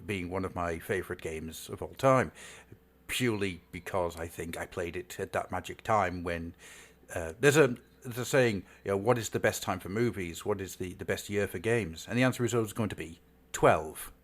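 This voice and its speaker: A man's voice: sits low, normal speed. A man hosting a podcast in casual chat, joking, laughing often and rambling through restarts. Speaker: podcast host.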